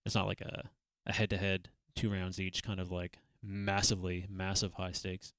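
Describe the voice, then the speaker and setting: Deep-voiced casual young man, dry sound. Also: level tone, moderate pace, a bit bright, no echo. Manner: rambling, filler-heavy, casual swearing. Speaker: livestream reaction host. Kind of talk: casual chat.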